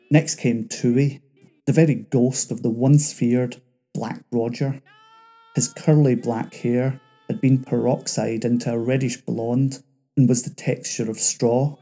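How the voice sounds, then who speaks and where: Dark-voiced man narrating a crime tale. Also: mid-range voice.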